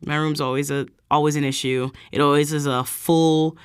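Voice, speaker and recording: Woman, low voice, dry close sound, casual storytelling, animated quotes. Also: normal speed, clear, resonant tone, no echo. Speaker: vlog host.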